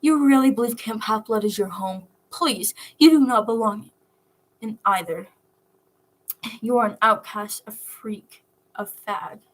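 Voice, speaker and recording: A woman reading aloud, voicing a cruel, taunting teenage boy in a breathy voice. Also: medium pitch, unhurried, natural voice. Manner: taunting, sneering. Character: mocking cruel teen boy hero, taunting.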